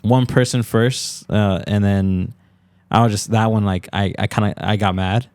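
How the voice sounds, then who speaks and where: A man as a podcast guest in casual conversation, earnest and halting, full of fillers and close to tears. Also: fairly low pitch, fairly even intonation, darkish tone, smooth, dry recording.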